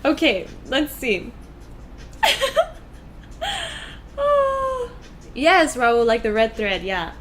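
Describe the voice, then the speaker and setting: A woman's voice: a little high, sing-song, extremely slow, pauses often, fairly bright tone, a little hiss or hum. A young woman co-hosting a casual livestream, chatting and reading viewer comments aloud. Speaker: livestream co-host.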